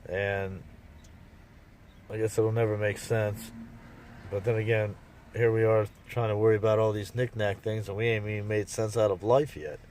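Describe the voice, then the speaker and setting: A man's voice: fairly low pitch, flat delivery, moderate pace, darkish tone, slight background noise. A man casually telling a rambling, folksy story to his viewers, full of restarts and asides. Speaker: vlogger.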